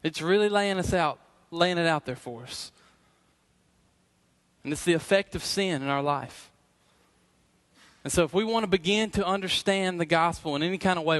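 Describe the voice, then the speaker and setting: A middle-aged man preaching a sermon as pastor, earnest and emphatic, slowing down to repeat key phrases. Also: on the high side, a bit bright.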